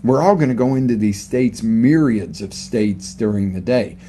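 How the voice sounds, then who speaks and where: A man's voice: medium pitch, moderate pace, warm tone, slight background noise. A man coaching live, talking unscripted and asking his listeners questions about their week and their state of mind. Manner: conversational, asks the audience questions. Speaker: motivational coach. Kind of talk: unscripted live motivational talk. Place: live broadcast setup.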